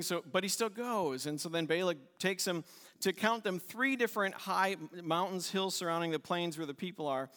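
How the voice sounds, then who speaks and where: A pastor giving a conversational sermon, retelling a story and acting out its voices with a light laugh. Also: male voice, high-pitched, moderate pace, a bit bright, long reverb tail.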